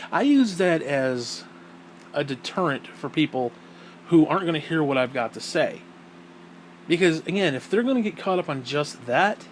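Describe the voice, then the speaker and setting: A man's voice: a little high, slight background noise, rough recording. A man hosting his own show, talking bluntly and profanely in a casual opinion monologue, pushing his voice up when indignant. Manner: blunt and profane, emphatic swearing; animated, voice rising when indignant. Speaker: podcast host.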